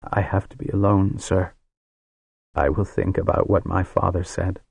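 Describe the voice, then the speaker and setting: A man voicing a tense young woman with a weak, hoarse, harsh voice who speaks in a pleading whisper. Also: deep voice, steady tone, moderate pace, darkish tone, dry recording, heavily acted. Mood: stiff.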